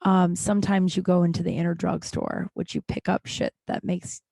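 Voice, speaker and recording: A woman's voice: fairly low pitch, level tone, normal speed, gravelly, dark tone, no echo, clean studio sound. A woman hosting her own podcast, talking frankly and ramblingly with many restarts and casual swearing. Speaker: podcast host. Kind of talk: candid solo podcast monologue.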